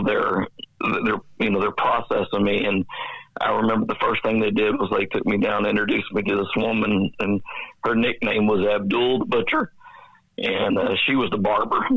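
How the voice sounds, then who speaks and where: A man in his fifties with a Texan accent recounts his childhood in an earnest, reflective way, acting out old conversations as he goes. His voice sits low and husky with a gravelly edge. The dry, dull recording has a lo-fi podcast quality. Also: no echo. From Dallas, Texas. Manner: earnest, reflective storyteller who acts out past dialogue. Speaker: guest, nonprofit executive director. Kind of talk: personal storytelling in a podcast interview.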